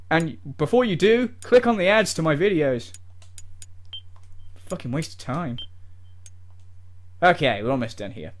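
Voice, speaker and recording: A man doing a whiny, smug gamer YouTuber. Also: high voice. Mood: smug ranting. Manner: sneering, petulant, sweary. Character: smug, whiny male gamer YouTuber mocking his fans. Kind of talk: parody rant.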